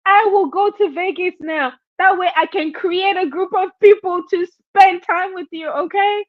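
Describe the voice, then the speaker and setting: A woman voicing a man coaxing someone to come spend time with him, in a high singsong voice. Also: steady tone, a little slow, phone-quality sound.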